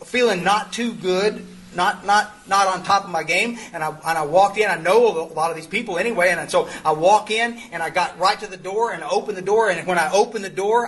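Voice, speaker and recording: Rambling, bright-voiced man. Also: high-pitched. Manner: rambling, self-interrupting, humorous. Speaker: sponsor leading a twelve-step study. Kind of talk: folksy storytelling talk to a group.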